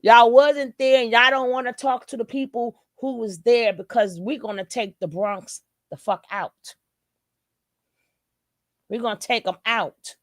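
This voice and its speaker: A woman's voice: fairly high pitch, a little slow, a bit bright, dry recording, studio quality. A woman with a New York accent, hosting a channel and giving blunt, profane, heated reaction commentary. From New York City. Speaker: channel host.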